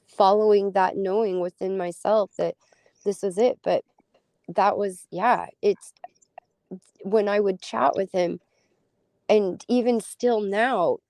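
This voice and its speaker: A woman guest with a mid-range voice talks reflectively in a casual conversation, often pausing to find her words. The sound is dry and close. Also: medium pitch, creaky, warm tone, no room sound.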